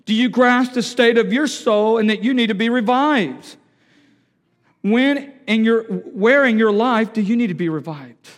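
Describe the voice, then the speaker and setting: A male pastor preaching a sermon, moving from quiet, halting storytelling to loud, impassioned pleading. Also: very high voice, lively intonation, in a large hall.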